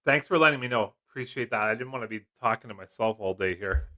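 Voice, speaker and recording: A man's voice: medium pitch, fast, sharp tone. A middle-aged man hosting a casual live stream, jokey and chatty, laughing often as he reads comments. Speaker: livestream host.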